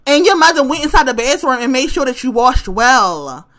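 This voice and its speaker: Bright, high-voiced woman ranting. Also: big pitch swings, moderate pace. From West Baltimore, US. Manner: blunt, profane, frequent laughter, emphatic repetition. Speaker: vlogger. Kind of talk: casual to-camera rant.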